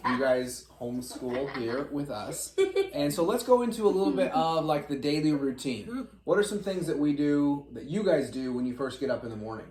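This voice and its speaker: A man's voice: a little high, lively intonation, moderate pace, darkish tone. A man hosting a casual family podcast as the father, joking and often laughing as he asks his sons questions. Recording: roomy echo.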